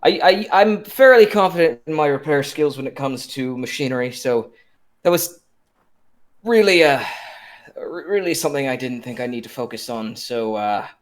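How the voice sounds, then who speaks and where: Man as a hard-up, frustrated tinkerer who rambles and halts, mid-pitch, tabletop role-play. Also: lightly acted. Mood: explaining. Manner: apologetic, rambling, halting. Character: frustrated male tinkerer adventurer, short of coin.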